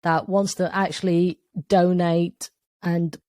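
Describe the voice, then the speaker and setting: A woman's voice: lowish voice, level tone, takes it slowly, a little mellow, no room sound, clean studio sound. A woman hosting a podcast interview, offering short encouragements and asking questions. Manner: brief supportive backchannels and questions. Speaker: podcast host.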